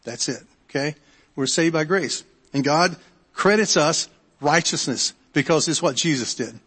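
Middle-aged pastor guy preaching, kinda high voice, lots of restarts, big reverby church. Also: unhurried, a bit bright, slightly rough. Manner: conversational, repeats words and restarts, asks the audience. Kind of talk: sermon. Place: church sanctuary. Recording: long hall reverb.

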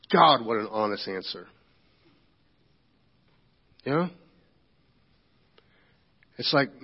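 A man's voice: on the high side, animated, takes it slowly, long pauses, slightly rough. A man preaching a sermon as pastor, talking in a conversational way and often checking in with the congregation. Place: church sanctuary. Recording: echoey church hall, dull lo-fi sound.

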